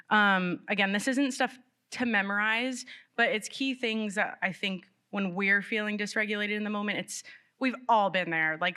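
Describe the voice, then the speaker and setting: A woman special education teacher giving a live presentation to parents in a library meeting room, talking in an animated, conversational way with light laughs. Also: mid-range voice, clean tone.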